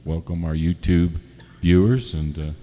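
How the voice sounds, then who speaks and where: A man hosting a live-stream music show from home, chatting casually and joking, with frequent pauses and fillers. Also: deep voice, long reverb tail, background noise. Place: home setup, not a studio.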